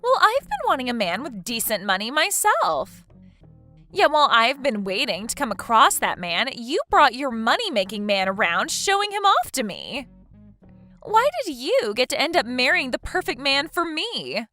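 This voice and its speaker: A woman's voice: high-pitched, sing-song, normal speed, bright, forceful tone, soft background music, exaggerated voice. A woman voicing a smug, scheming woman in a text message story, taunting and laughing mockingly. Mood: spiteful. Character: smug scheming woman who stole her friend's husband.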